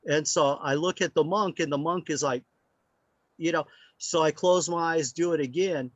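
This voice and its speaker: A man telling a casual story as a guest speaker on sound healing. He talks in animated anecdotes with many fillers. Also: a little high, normal speed, dry recording. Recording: dry, slightly muffled lo-fi audio.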